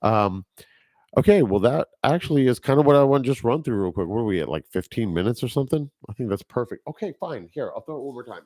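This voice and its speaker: A man's voice: medium pitch, animated, fast, a little mellow, no room sound, studio quality. A man hosting a podcast alone, chatting casually and rambling about movies, laughing at his own tangents into a microphone. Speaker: podcast host. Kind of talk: casual solo movie chat. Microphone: speaking into a microphone.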